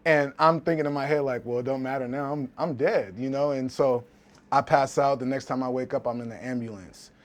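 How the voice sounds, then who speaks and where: A man, a professional fighter, telling a story in a casual interview, animated and acting out quoted voices with frequent restarts. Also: medium pitch, a little fast.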